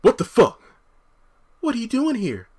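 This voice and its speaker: A man's voice: wildly swooping pitch, a little slow, slightly rough, heavily acted. A man putting on the voice of an emotional, confrontational woman while recapping a TV scene. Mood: angry. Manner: high-pitched loud impression of a woman.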